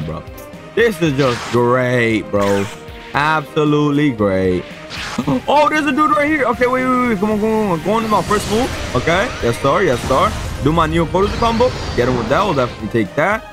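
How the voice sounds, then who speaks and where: Excitable young man over game music. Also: high voice. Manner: excitable, swings between flat mutters and frustrated shouts. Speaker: gaming YouTuber. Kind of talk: live gameplay commentary.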